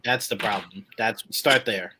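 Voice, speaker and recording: A man hosting a casual online podcast, wrapping up the show and thanking guests in a relaxed, rambling way. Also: fairly low pitch, a little slow, very noisy. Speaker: podcast host. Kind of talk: casual chat, show sign-off.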